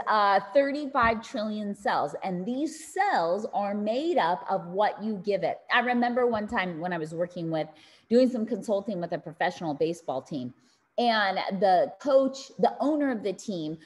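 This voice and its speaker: A woman giving a motivational wellness talk, telling stories with animation and speaking directly to her audience. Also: mid-range voice.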